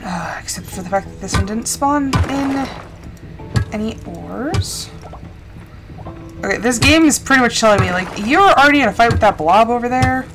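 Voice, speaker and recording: A woman's voice: fairly high pitch, lively intonation, normal speed. A young adult woman chatting casually and rambling while she live-streams a farming game, with lots of fillers. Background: game music.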